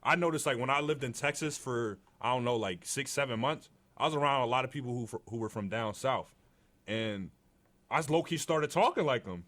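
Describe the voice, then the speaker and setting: Young man with a deep, easygoing voice. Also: fairly quick. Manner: relaxed, conversational, many fillers. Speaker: podcast co-host. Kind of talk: casual chat.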